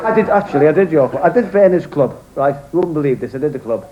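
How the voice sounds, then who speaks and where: A man's voice: on the high side, animated, fast. A man doing a stand-up routine on a club stage, telling jokes in a chatty way with asides to the audience. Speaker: stand-up comedian. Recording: dull old videotape with loud crowd and hiss.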